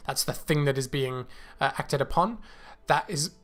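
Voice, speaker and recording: A man hosting a coding livestream, thinking aloud with many fillers and restarts, a little choked and clearing his throat. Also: fairly high pitch, moderate pace, fairly bright tone, soft background music. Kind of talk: casual live coding walkthrough. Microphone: new desk mic.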